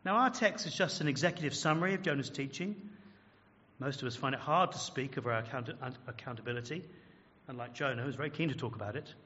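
Pastor preaching, earnest, asks the crowd questions, dull sound, long church echo. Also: male voice, medium pitch, quick pace, pushed and bright. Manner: earnest and emphatic, with rhetorical questions. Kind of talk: sermon. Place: large church.

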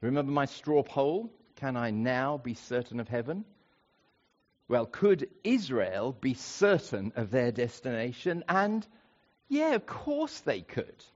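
A man preaching a sermon, slowing down and rising in pitch to stress key points. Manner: expressive, rising for emphasis and slowing on key phrases. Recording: dull lo-fi recording.

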